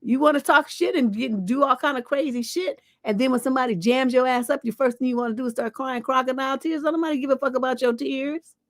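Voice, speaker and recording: A woman's voice: high-pitched, fairly even intonation, quick pace, few pauses, dry recording, clean studio sound. A woman hosting a livestream advice show as a relationship coach, giving blunt, profane, scolding advice.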